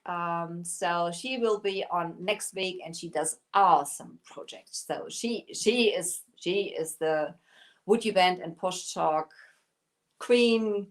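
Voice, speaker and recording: A woman with a German accent, German her first language, chats through a live craft stream at an unhurried pace. She giggles often and picks up viewer comments as they come in. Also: on the low side. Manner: giggly, laughs often while talking; chatty, reads out viewer comments. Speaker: craft shop owner hosting a live stream. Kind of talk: casual live-stream chat.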